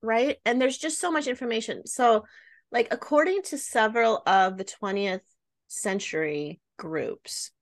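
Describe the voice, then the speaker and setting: A woman's voice: fairly high pitch, a little slow. Chatty woman telling a history story. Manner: chatty, many fillers like "right?" and "like". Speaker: podcast host. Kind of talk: casual storytelling chat.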